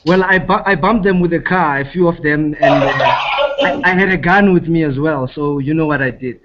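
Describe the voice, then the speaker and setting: A man's voice: on the high side, normal speed, very noisy. A man introducing himself as an ecology student on a video call, brief and matter-of-fact. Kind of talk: casual self-introduction. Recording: dull lo-fi call audio.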